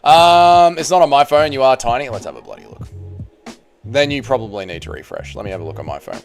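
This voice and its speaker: A man's voice: mid-range voice, animated, fairly quick, soft background music. An Australian man hosting a casual fight-sports livestream, reading viewer comments aloud in a chatty, slangy, jokey way. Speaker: MMA channel livestream host.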